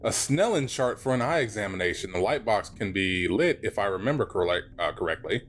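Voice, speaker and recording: Jittery man with a lively voice. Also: lowish voice, fairly quick, a little hiss or hum. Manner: jumpy, nervous, swears a lot, reads game text aloud. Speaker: let's play host. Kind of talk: horror game commentary.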